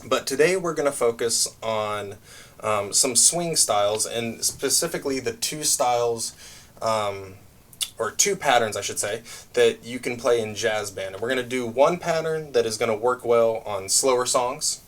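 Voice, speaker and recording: A man teaching a brush drumming lesson, explaining patterns step by step in a relaxed way with frequent fillers. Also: medium pitch, normal speed. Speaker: music teacher. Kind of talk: drum lesson demonstration.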